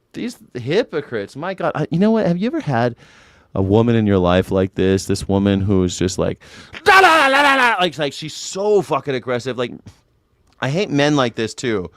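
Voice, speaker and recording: A man's voice: medium pitch, big pitch swings, brisk, dry recording, studio quality. A man hosting a live news reaction show, talking in a blunt, mocking, casual way and swearing freely.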